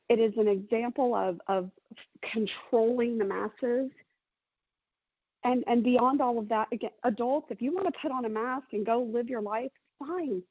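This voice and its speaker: A woman's voice: a little high, husky, no room sound. A woman giving an emotional, pleading public comment at a council meeting. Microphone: phone call. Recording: tinny phone line.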